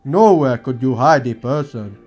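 A man hosting a podcast, reading a first-person audiobook aloud in a steady storytelling delivery. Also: mid-range voice, a little slow.

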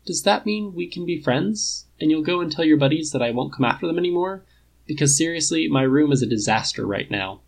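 Goofy archer dude, read by a man gravelly voice, bouncing pitch all over. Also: a little fast, rough recording. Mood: sheepish. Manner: excited pitch jumps, mumbles and trails off. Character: sheepish cocky male archer, apologetic and goofy.

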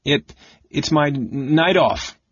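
A man voicing a nervous young male kender turned into a mouse, squeaking and stammering. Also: slow pace, slightly rough, dry recording, muffled recording. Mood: flustered.

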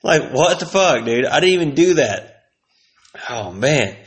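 A man's voice: mid-range voice, sing-song, a little slow. A young man from Texas, ranting casually and swearing constantly, his voice jumping up when he gets worked up. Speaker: vlogger. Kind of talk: casual profane rant.

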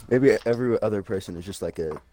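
A man's voice: lowish voice, background noise. A young man in a casual podcast chat, offhand and joking.

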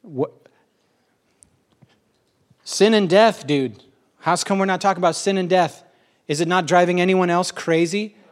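A middle-aged man in a casual spoken monologue, rambling and emotional, with quick asides and a lot of repetition. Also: high voice.

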